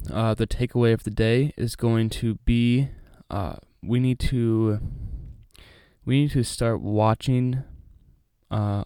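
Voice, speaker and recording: A man reading a Bible passage aloud and then talking it over in a relaxed, chatty way with many fillers. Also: on the low side, clean tone, dry recording, studio quality. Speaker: Bible study host. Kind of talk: casual Bible reading and commentary.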